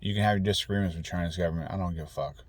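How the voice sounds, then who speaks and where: Deep-voiced and talking rapid-fire, this American man launches into a profane, furious political rant with no echo. As a commentator, he rambles and repeatedly starts his sentences over.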